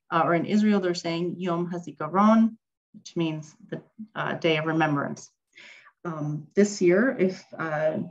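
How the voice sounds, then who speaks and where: With a fairly low pitch and lo-fi sound, a woman leads a relaxed online Hebrew lesson. She's talkative, says "um" often, and reads out questions from the chat before responding to them.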